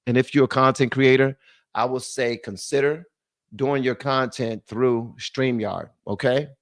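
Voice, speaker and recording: A male livestream host chatting to his viewers in a loose, rambling, self-deprecating way. His voice is mid-pitched and sounds close and dry on a podcast mic, with no room echo. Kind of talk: casual livestream chat. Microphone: podcast mic through a mixer.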